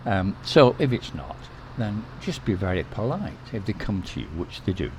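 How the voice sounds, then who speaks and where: A man hosting a vlog, giving relaxed, casual advice to the camera, repeating himself and often checking in with "okay?". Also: fairly low pitch, normal speed, a little hiss or hum. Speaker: vlog host.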